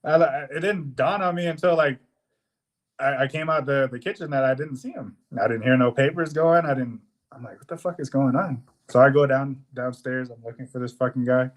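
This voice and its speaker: Profane, animated young male storyteller. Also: mid-range voice, brisk. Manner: animated, profane, swears often, acts out quotes. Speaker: podcast co-host. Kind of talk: casual storytelling.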